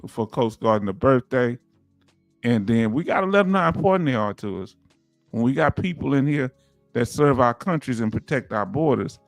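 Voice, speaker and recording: Here the same sort of casual livestream host, a man with a Southern US twang, chuckles often as he goes through viewer comments in a loose, chatty manner. His pitch sits in the middle range, and there's no echo.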